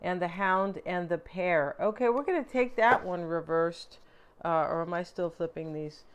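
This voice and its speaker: A woman's voice: fairly low pitch, moderate pace, a little hiss or hum. Chatty woman rambling through a tarot reading. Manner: chatty, rambling, many fillers and asides. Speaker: tarot reader. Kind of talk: casual tarot reading monologue.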